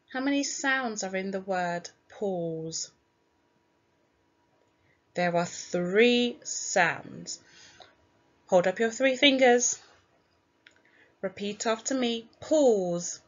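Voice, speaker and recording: A woman teacher giving a recorded phonics lesson to young children, sounding out each letter slowly and clearly in a British accent. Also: medium pitch, lo-fi sound. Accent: British English. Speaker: primary school teacher.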